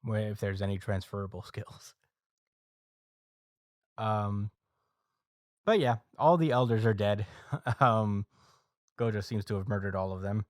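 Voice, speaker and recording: Low-voiced man recapping in loose chat. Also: a little slow, long pauses, no room sound, clean studio sound. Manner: loose storytelling full of ums and uhs. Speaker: podcast co-host. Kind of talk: casual chat, recapping a manga chapter.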